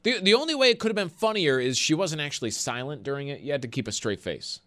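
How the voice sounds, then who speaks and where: Animated male sports radio host. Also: on the high side, quick pace. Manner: animated, exasperated ranting with laughs. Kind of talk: call-in sports talk.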